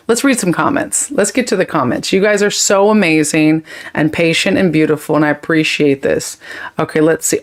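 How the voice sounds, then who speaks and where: Woman host for a live chat, a bit low-pitched, emotional and effusive, quick and rambling. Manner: effusive, emotional, thanks viewers often; quick, chatty, drifts between topics. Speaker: livestream host. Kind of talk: casual live chat reading comments.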